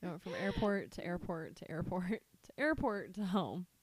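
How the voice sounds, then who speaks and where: A woman co-hosting a podcast in casual chat, upbeat and quick to agree. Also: lowish voice, sing-song, background noise. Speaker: podcast co-host.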